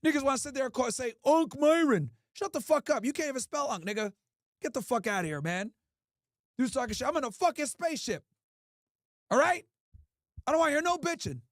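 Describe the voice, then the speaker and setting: High-voiced profane male streamer. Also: sing-song, fast talker, pauses often, fairly bright tone, dry recording, clean studio sound. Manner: profane, ranting, talks back to chat. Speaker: streamer host. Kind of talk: casual livestream talk.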